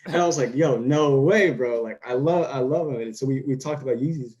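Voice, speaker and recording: A young man from Houston talks as a podcast guest, winding through his story with frequent restarts. He acts out back-and-forth dialogue as he goes. His voice sits at an ordinary middle pitch. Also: quick pace, darkish tone, muffled recording. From Houston, Texas. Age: young adult. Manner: rambling with many restarts and quoted dialogue. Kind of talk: casual storytelling chat.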